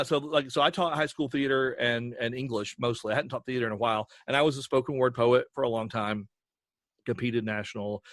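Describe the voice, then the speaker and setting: A man with an Appalachian accent, a podcast creator and guest, chatting in an animated storytelling way. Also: medium pitch, no room sound, clean studio sound. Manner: animated storyteller, does voices. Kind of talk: casual interview chat.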